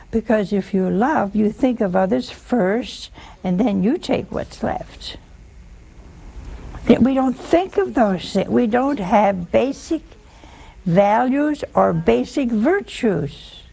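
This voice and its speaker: A woman's voice: mid-range voice, vocal fry, mellow, husky. A woman giving a folksy sermon, chatty and teasing, full of rhetorical questions to her listeners. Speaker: religious teacher.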